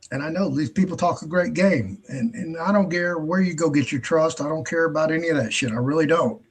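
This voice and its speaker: Husky, blunt, profane male host ranting. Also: a little high. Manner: blunt, profane, exasperated, many restarts. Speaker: show host. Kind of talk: ranting monologue.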